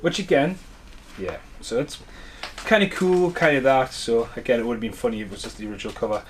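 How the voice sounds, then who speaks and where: A man's voice: mid-range voice, fast, slight background noise. A man giving a casual, rambling unboxing chat at home as a collector vlogger, with enthusiastic asides.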